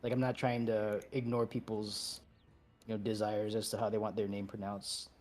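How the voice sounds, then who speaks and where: A man's voice: fairly low pitch, level tone, moderate pace, a little mellow, a little hiss or hum. Easygoing man leading a game raid. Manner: easygoing, chatty, apologetic asides. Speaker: raid leader. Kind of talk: giving instructions over voice chat.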